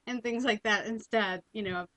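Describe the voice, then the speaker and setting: A woman hosting an interview show, asking questions in a friendly, halting way. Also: mid-range voice, a bit bright, no room sound, low-quality recording. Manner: friendly, hesitant, many ums and uhs. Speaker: radio show host. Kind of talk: interview conversation.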